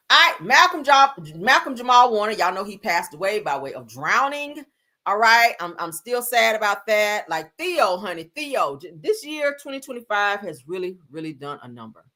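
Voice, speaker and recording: Sassy, chatty woman with lively swings. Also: medium pitch. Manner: chatty, sassy, addresses viewers as y'all and honey. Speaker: celebrity gossip streamer. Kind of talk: casual chat.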